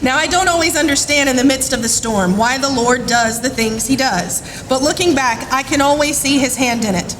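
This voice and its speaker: High-voiced woman recorded from afar. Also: moderate pace, few pauses. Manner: earnest, faith-filled. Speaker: speaker giving her testimony. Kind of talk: personal testimony. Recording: distant mic with noise.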